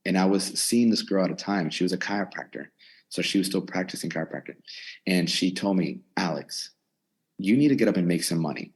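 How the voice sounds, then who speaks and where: Husky-voiced young man telling his story. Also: sits low, a little fast. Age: 20s. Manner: animated storyteller, quotes himself and others. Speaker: gym owner and personal trainer. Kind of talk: casual storytelling interview. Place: his gym in a converted storage unit.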